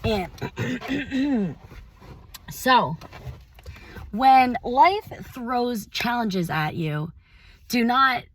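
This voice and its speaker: A young woman giving a casual motivational talk, chatty and full of fillers, swinging between loud hype and soft mutters. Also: fairly high pitch. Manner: chatty, lots of "like" fillers and self-quoting. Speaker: motivational vlogger.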